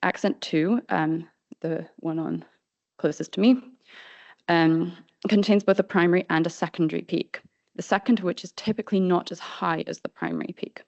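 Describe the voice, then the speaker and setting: Woman presenting a paper, gravelly voice. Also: fairly low pitch, steady tone, a little mellow, no echo, lo-fi sound. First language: not Swedish. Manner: careful, measured reading with frequent ums. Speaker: conference presenter.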